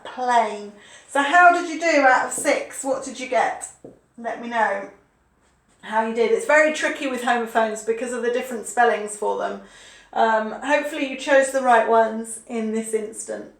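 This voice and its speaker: A woman's voice: high voice, reverberant. A woman, teaching a spelling lesson, patiently repeating words and spelling them out letter by letter. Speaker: English teacher. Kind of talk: online English spelling lesson.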